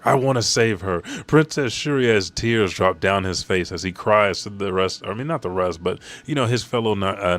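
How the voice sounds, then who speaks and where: A man hosting a channel, recapping a manga chapter in a casual, excited way, swearing freely and talking back to the characters. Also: sits low.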